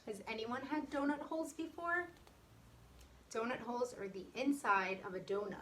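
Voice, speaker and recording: Woman teacher, bright voice, picture-book read-aloud with frequent questions to the children. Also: fairly high pitch, normal speed, slight background noise, low-quality recording. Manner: stops to explain words and question the children.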